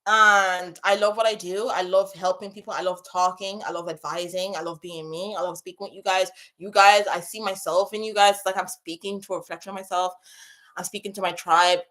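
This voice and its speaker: A woman hosting a casual livestream as a spiritual coach, passionately chatting, repeating herself and giving viewers shout-outs. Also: mid-range voice, fairly even intonation, a little fast. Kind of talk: casual livestream chat reading out comments.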